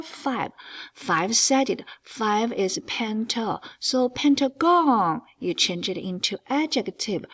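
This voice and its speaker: Slow, lively-voiced woman math teacher. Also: fairly high pitch. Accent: non-native English. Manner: emphatic, stretches key words, lively ups and downs. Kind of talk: geometry lesson walkthrough.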